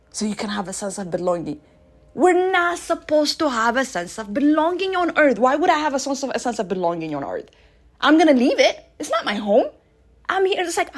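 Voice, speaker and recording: A woman in her thirties hosting a radio show, talking through a casual spiritual monologue with animated swings between loud bursts and soft asides. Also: on the high side. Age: 30s.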